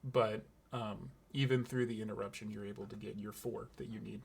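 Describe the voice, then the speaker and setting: Man narrating a tabletop game softly. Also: on the low side, fairly even intonation, creaky, slightly rough. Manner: slow, hushed, deliberate narration. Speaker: game master.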